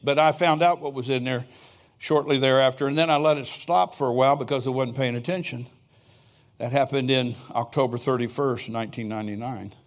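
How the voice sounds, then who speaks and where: A man's voice: medium pitch, fairly even intonation, a little fast. An older man preaching a sermon in a church, telling stories in a folksy way with chuckling asides. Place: church sanctuary.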